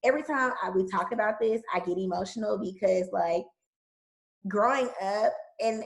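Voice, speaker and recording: Southern woman in her twenties, podcast host; gravelly, lively and quick to laugh in casual chat. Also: mid-range voice, rough recording. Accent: Southern American. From American South. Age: 20s. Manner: animated, emotional, laughs easily.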